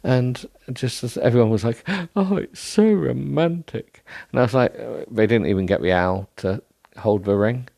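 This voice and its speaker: A man's voice: lowish voice, fairly even intonation, normal speed, hardly any pauses, a little mellow, dry recording. A man hosting a solo podcast, rambling in a self-deprecating way with many ums and restarts, sounding tired. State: tired, yawning. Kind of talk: rambling casual monologue.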